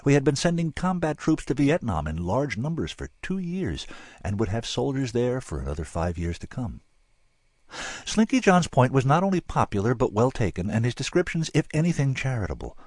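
A man's voice: mid-range voice, sing-song, a little fast, a little mellow, dry recording. A man narrating an audiobook in a dry, wry storytelling manner.

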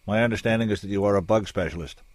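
A man's voice: fairly low pitch, very fast, no room sound, pitched above the performer's own voice, natural voice. A man voicing a formal, middle-aged army captain who gives curt, commanding orders. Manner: clipped, commanding military delivery.

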